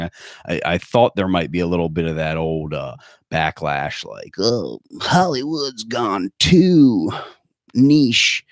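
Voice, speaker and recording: A man's voice: low voice, dry recording, studio quality. A man hosting a podcast, ranting in a sarcastic, profane, rambling way. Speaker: podcast host. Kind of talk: casual comedic rant.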